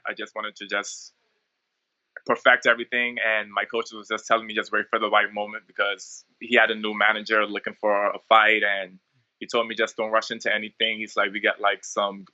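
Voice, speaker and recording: Young man with a bright, lo-fi voice. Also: fairly low pitch. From Bahamas. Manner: relaxed, rambling, many ums and likes. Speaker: MMA fighter, interview guest. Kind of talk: casual interview storytelling.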